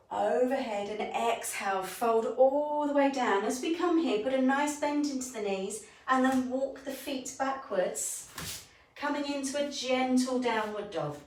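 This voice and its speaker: Woman, yoga teacher, gentle guided instruction, calm breath cues, somewhat high, distant mic. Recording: echoey room, voice from a distance.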